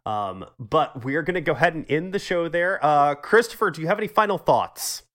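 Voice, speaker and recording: A man hosting a casual gaming podcast, congested and a bit gravelly, sardonic and swearing freely. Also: on the high side, animated, fairly quick, a bit bright. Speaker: podcast host.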